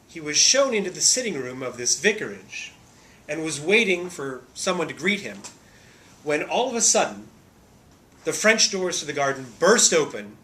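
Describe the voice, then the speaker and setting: A man's voice: a little high, pushed and bright. A man who is a stage actor, telling a humorous story in a theatrical, playful way.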